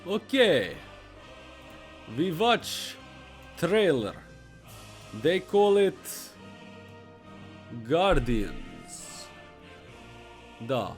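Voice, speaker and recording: A man's voice: a little high, exaggerated voice. A man putting on a joking Russian persona with a fake Russian accent and broken English, mocking a movie trailer. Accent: put-on Russian. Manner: broken English, mock-proud remarks.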